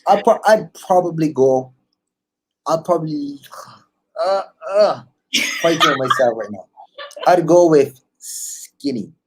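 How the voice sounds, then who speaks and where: A man from Barbados with a Barbadian accent, a guest talking in a relaxed, laid-back way. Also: a little high, slow, long pauses, slight background noise. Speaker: guest singer-songwriter. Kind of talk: casual interview chat.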